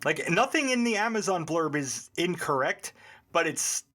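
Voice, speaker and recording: A man from Queens co-hosting a podcast in casual chat, wry and dry-humored, often halting and restarting his thoughts. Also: on the high side, very animated, sharp tone. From Queens, New York. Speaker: podcast co-host.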